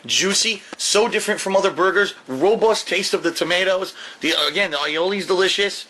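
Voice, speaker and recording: A man's voice: sits high, a little fast, sharp tone, slight background noise. A man casually reviewing a burger at home for his vlog, talking enthusiastically and repeating his points, with the camera mic set down in front of him. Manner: enthusiastic, emphatic, repeats himself. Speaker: food reviewer vlogger. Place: at home, indoors. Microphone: camera mic, set down while eating.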